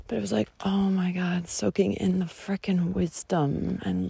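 A woman's voice: lowish voice, flat delivery, moderate pace, vocal fry, hardly any pauses, warm tone, husky. A woman vlogging casually outdoors on a forest trail into a handheld phone, gushing and spiritual, often slipping into a whisper. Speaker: travel vlogger. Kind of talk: casual travel vlog.

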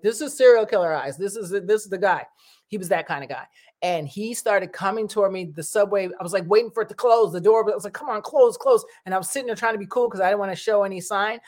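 This is a middle-aged woman talking straight to her viewers. She rambles from one thing to the next in a casual, chatty way, and her voice turns animated when she quotes what people said. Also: lowish voice. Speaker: vlogger.

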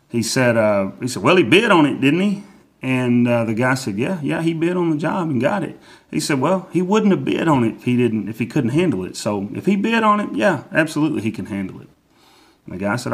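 A husky-voiced man talks in a folksy, repetitive way, hammering home a simple message with plenty of ums and restarts. His pitch sits mid-range, and faint music plays softly underneath. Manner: repetitive, folksy, many fillers. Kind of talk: casual motivational monologue.

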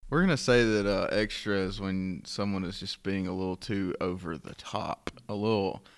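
A man's voice: low-pitched, moderate pace, smooth. A man co-hosting a podcast, playfully answering quiz questions. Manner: playful, speaks of himself in third person, buzzes in. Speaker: podcast co-host, quiz contestant. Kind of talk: casual podcast banter.

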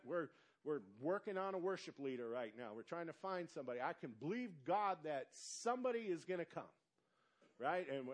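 A male pastor preaching a sermon, asking the congregation quick questions and stretching out words for emphasis. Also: high voice. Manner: animated preaching with call-and-response questions to the congregation.

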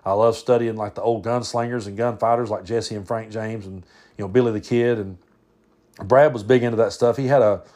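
A man's voice: on the low side, fairly even intonation, a little fast, darkish tone. A man, telling stories on his podcast in a rambling, self-interrupting way. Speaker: podcast host. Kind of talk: casual storytelling.

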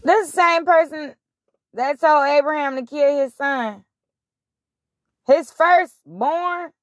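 Woman host, unhurried delivery, dry close sound, blunt and profane. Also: high voice, dry recording. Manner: animated, blunt, profane, retelling scripture in her own words. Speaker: podcast host. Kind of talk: casual spiritual monologue.

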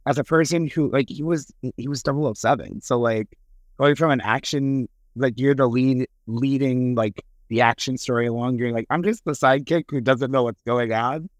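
A man's voice: medium pitch, normal speed, dry recording. A man co-hosting a podcast, chatting eagerly about a movie, full of fillers and acted-out quotes. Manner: enthusiastic, lots of fillers, acts out quotes. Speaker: podcast co-host. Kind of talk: casual chat about a movie.

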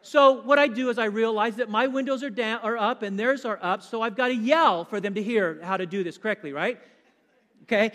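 A man's voice: sits high, fairly quick, fairly bright tone, big-room sound. A man preaching a sermon as a guest speaker in a church, chatting with the congregation and joking along the way. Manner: conversational and joking, quizzes the congregation.

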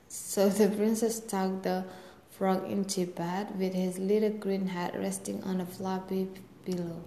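A woman reading a fairy tale aloud in a gentle, steady storytelling manner. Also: mid-range voice, a little slow, slight background noise. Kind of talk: storybook read-aloud narration. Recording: echoey room with faint ambience.

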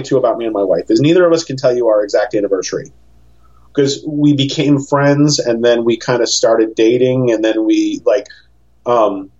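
A man, a podcast guest, telling stories in a rambling, animated chat and acting out the voices of people he quotes. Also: medium pitch, highs cut off. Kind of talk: casual storytelling chat.

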